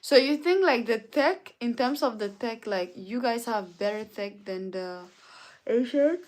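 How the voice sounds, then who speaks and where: A woman's voice: fairly high pitch, animated, measured pace. A tired woman hosting a casual live stream, reading chat messages aloud and answering them. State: tired, yawning. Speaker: livestreamer.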